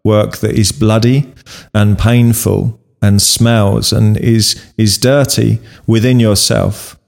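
A man hosting an interview, reflecting in a measured way and repeating key words for emphasis. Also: on the low side, level tone, gravelly, a little mellow. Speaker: host.

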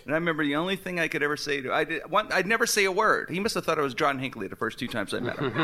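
A man hosting a live comedy talk show, talking excitedly with stammering restarts and frequent laughter. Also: fairly high pitch, a little fast.

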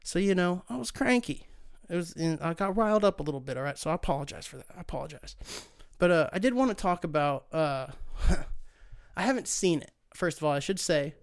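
A man's voice: a little high, expressive, a little fast, smooth, no echo, studio quality. A young man hosting a solo podcast, ranting in a profane, sarcastic way. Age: young adult. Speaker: podcast host.

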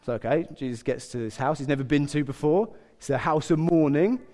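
A middle-aged man preaching a sermon in a lively, conversational way, acting out quotes with humour. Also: a little high, brisk. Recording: long hall reverb.

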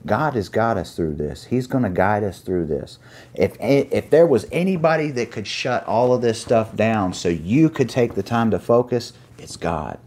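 A man's voice: fairly low pitch, lively intonation, darkish tone. Man preaching an earnest sermon. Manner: earnest, reads scripture aloud with pauses while finding pages.

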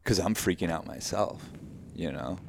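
A man's voice: deep voice, moderate pace, creaky, slight background noise. A man in a casual, heartfelt conversation who talks emphatically and effusively, swearing freely and speaking in spiritual terms.

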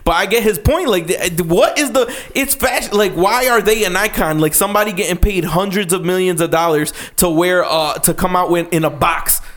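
High-voiced man chatting casually. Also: normal speed, few pauses. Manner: animated storytelling, acting out quotes, laughs often. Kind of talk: casual chat.

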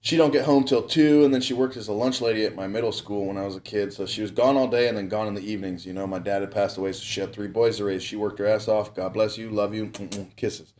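A man's voice: on the low side, steady tone, fast, few pauses, a little mellow, a little hiss or hum. A young man telling a long story in a casual, rambling way, swearing constantly and breaking into laughs. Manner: profane, rambling, laughs often.

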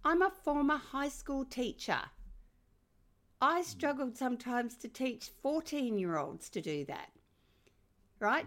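An older woman with an Australian accent, a former teacher speaking as a guest in a conversation, emphatic and animated. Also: takes it slowly, pauses often. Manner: animated, emphatic, rising to high exclamations. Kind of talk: conversational interview.

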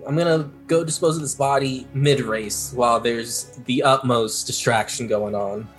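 A man's voice: mid-range voice, moderate pace, soft background music, poor audio. A man playing a tabletop game, joking playfully and defensively. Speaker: player.

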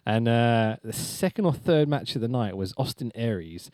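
A man's voice: mid-range voice, animated, moderate pace, darkish tone, no echo, studio quality. A young man, chatting as a podcast guest, telling stories with lots of laughter and swearing. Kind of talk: casual chat.

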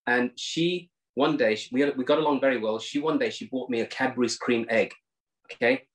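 A man's voice: mid-range voice, fairly quick. A man from England hosting an interview, chatty and eager to move the talk along. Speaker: host. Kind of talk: conversational interview.

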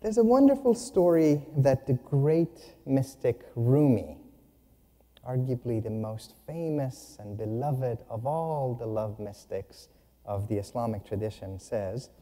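Slow, mellow man telling spiritual stories. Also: medium pitch. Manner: humorous, unhurried, expressive storytelling. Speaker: speaker. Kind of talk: spiritual talk with storytelling. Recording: long hall reverb.

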